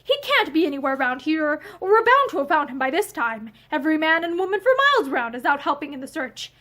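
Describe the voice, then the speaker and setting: A woman reading aloud voices an impatient, self-satisfied middle-aged husband in a brisk, dismissive way. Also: sits high, expressive, sharp tone.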